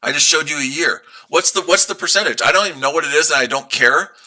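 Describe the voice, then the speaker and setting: A man's voice: fairly high pitch, fast talker, bright, forceful tone. A man streaming live as a day trader, ranting at his chat in a combative, profane way and repeating his rhetorical questions.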